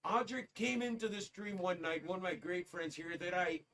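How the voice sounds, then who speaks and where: A man's voice: high voice, moderate pace, a bit bright, distant mic, slight background noise. A man hosting a casual livestream, rambling and talking straight to his chat as "guys". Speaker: livestream host. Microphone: streaming setup.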